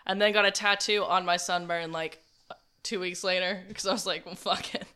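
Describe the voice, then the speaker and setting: Young woman co-host, bright smooth voice, laid-back and profane. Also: lowish voice, steady tone, moderate pace. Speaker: podcast co-host. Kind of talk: casual chat.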